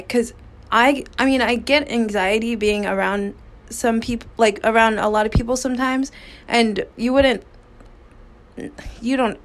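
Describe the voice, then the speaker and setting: A woman speaking slowly with a gravelly, creaky edge to her voice. She hosts her own podcast and tells a personal story candidly and casually. She swears freely and often stops to restart a sentence. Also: a little high. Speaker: podcast host.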